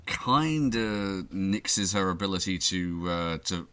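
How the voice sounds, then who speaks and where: A man's voice: deep voice, expressive, slow pace, fairly bright tone, slight background noise. A man narrating as game master of a tabletop game, rambling with many fillers and laughs.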